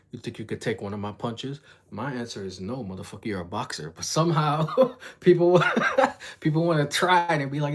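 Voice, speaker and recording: A man's voice: on the low side, husky. A young man telling a story on a livestream in casual, profane slang, acting out the voices of the people in it. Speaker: reaction vlogger.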